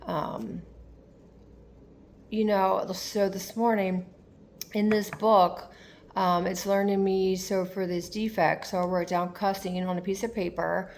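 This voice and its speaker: A woman's voice: mid-range voice, level tone, takes it slowly, darkish tone, slight background noise. A young woman talking candidly in a personal vlog, rambling and confessional with lots of fillers. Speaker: tarot vlogger.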